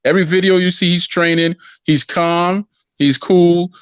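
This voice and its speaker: A man in casual boxing banter, arguing his pick and circling back over the same point. His voice sits a little high. The sound is dry and close. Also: steady tone, moderate pace, clear, resonant tone, no room sound, dull audio. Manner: rambling, repeats himself, argumentative. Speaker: boxing show co-host. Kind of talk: casual sports debate.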